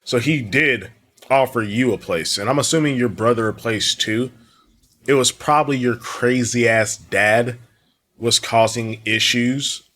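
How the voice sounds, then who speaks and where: A man's voice: mid-range voice, measured pace, a bit bright. A man hosting a reaction commentary, speaking in a sarcastic, mocking way. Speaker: commentary host.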